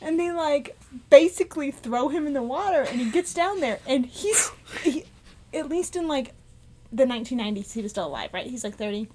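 High-voiced woman telling a story, animated. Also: fairly quick. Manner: animated, laughs often, acts out quotes. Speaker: podcast co-host. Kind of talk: casual chat, storytelling.

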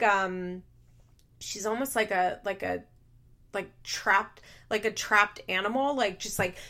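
A young woman hosting a podcast, recapping a reality show in a casual, animated way, full of "like" and quick laughs. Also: mid-range voice. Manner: animated, frequent "like", laughs often. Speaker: podcast host.

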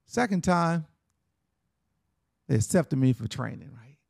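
A man's voice: fairly high pitch, lively intonation, measured pace, creaky, darkish tone, no room sound, clean studio sound. A middle-aged man telling a personal story in a casual, conversational way, often tagging lines with "right?" and "man".

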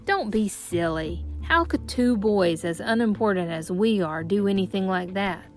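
A boastful, old-fashioned boy, put on by a woman reading an audiobook. He talks loud and scornful with quaint sayings, bossing his friend around. Faint music plays underneath. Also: medium pitch, lively intonation, moderate pace, natural voice. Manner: scornful, old-timey turns of phrase. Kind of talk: audiobook narration.

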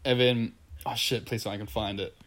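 A man's voice: on the low side, steady tone, moderate pace. A young man, a podcast host in casual chat who swears, giggles and reads online comments aloud.

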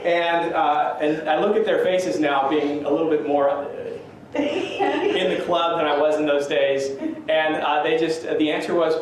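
A man's voice: fairly high pitch, a little slow, noisy background. A man preaching a conversational sermon in a church, easygoing and self-deprecating, with chuckles. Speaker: pastor. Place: church sanctuary. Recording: echoey church room from a distance.

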